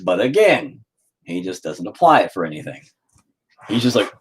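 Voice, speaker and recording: Husky, lively-voiced middle-aged dad streamer. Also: male voice, low-pitched, normal speed, pauses often. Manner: joking, teasing banter. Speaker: live streamer, father. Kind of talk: casual live-stream chat.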